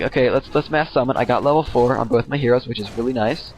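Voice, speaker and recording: A man's voice: medium pitch, fast talker, hardly any pauses. A young man casually commenting on his own game replay, rambling, slangy and profane.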